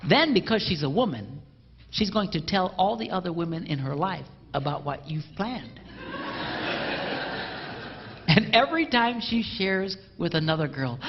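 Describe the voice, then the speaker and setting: A man giving a humorous live talk to an audience, playful and animated. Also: high voice, measured pace, slight background noise. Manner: playful and animated, mimics a bell sound. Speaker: speaker addressing an audience. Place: large hall with a live audience. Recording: dull, roomy hall recording.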